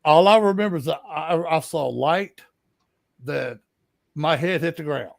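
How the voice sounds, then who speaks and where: A man in a casual chat, reacting with quick comments and telling a short story of his own. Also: a little high, gravelly, no echo.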